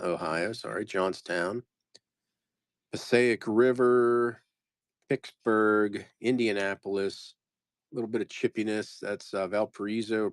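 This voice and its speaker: Low-voiced man flipping through postcards. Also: no echo, studio quality. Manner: rambling, self-deprecating, reading off card names. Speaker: live-stream postcard seller. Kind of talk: casual live-sale narration.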